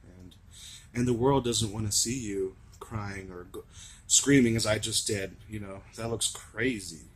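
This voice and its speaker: A young man with a raspy voice, talking earnestly and rambling to camera in a confessional vlog. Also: fairly low pitch, measured pace. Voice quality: raspy from screaming. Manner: earnest, rambling, swings from shouting to laughing to soft musing. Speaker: vlogger.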